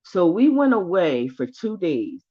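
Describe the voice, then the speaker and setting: A woman's voice: on the low side, very animated, a little slow, lo-fi sound. A woman vlogger telling a story of her own in blunt, profane, heated casual speech. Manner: profane, blunt, rising anger.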